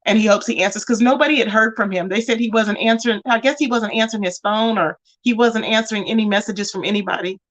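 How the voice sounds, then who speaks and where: A chatty woman with a fairly high voice talks casually to her livestream viewers. She reads out comments and keeps calling them y'all and baby in an animated, conversational way. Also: fast talker, few pauses.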